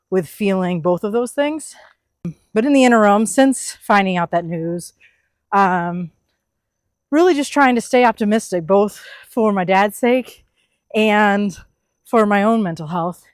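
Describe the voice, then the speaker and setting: A woman's voice: mid-range voice, no room sound, studio quality. A young woman from the US East Coast, talking candidly to camera in a casual vlog. She is reflective and uses many fillers like "like" and "you know.". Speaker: van life vlogger.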